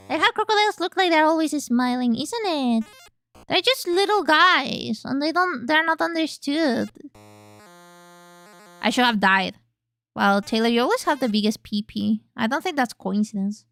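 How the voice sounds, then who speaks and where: High, bright streamer woman. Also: lively intonation, normal speed. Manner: chatty and cursing, reading chat aloud, bursts of squeals while playing. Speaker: VTuber streamer. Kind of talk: casual game-streaming chat.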